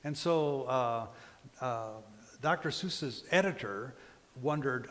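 A male pastor giving a sermon, telling a story in a conversational way and pausing on frequent ums and uhs. His voice sits at a middle pitch and rings out across a church sanctuary with a long reverb. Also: a bit bright.

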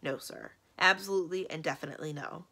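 A woman reading aloud and voicing a blunt, loyal male ogre servant in a low, gruff voice. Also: quick pace, exaggerated voice. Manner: low, flat, common-spoken.

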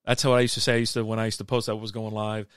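A man's voice: lowish voice, level tone, rapid-fire, a bit bright, clean tone, no echo, clean studio sound. A middle-aged man hosting a casual beer livestream, chatting loosely and reading comments aloud, full of fillers and restarts. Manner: rambling, laid-back, lots of fillers and restarts. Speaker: livestream beer show host.

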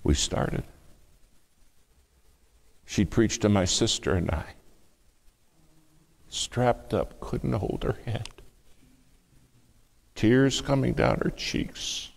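Man, sermon storytelling, very low pitch, dramatic hushed delivery. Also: lively intonation, very slow, vocal fry, pauses often. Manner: dramatic storytelling, acts out quoted speech, shifts between hushed and loud. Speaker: preacher.

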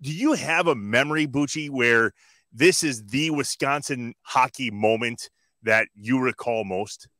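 A man's voice: medium pitch, a little slow, sharp tone, dry recording. A man hosting a show, asking conversational, leading questions of his guests. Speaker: host. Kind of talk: interview questions.

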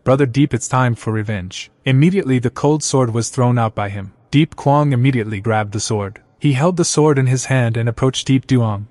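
A man narrating a scripted story recap in an even, plain storytelling way. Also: mid-range voice, fairly quick, few pauses, dry recording.

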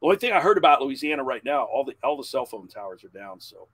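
A man in his forties, a podcast guest, telling a long profane story in a loud, animated way. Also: medium pitch, fast, no echo.

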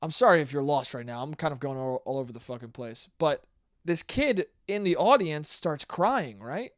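Solo podcast host, male, fairly high voice, profane and rambling storyteller, dry close-mic read. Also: expressive, normal speed, dry recording.

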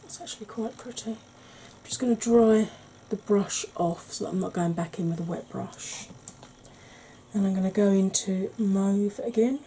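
A woman explaining her makeup steps in a soft, chatty ASMR tutorial, often clearing her throat. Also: medium pitch, normal speed, a little hiss or hum, poor audio. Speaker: beauty vlogger.

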